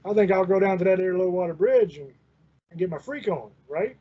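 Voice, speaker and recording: A man's voice: high-pitched, lively intonation, fairly quick, slightly rough. A man in his forties hosting a show, telling a rambling, profane story in a folksy, casual way. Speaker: host. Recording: dull lo-fi recording.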